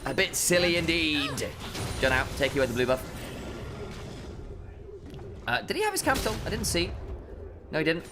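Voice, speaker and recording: A man with a higher, bouncy voice casts an esports match, swinging between quick calls and silly banter. Music plays under his commentary. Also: very animated. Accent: English. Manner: jokey, rambling asides between quick calls. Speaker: esports caster.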